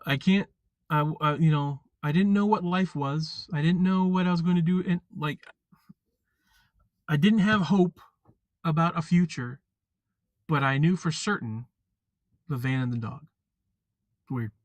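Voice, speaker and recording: A man chatting casually on a live stream, rambling and halting with lots of fillers and restarts. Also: on the high side, no room sound. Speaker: vlogger.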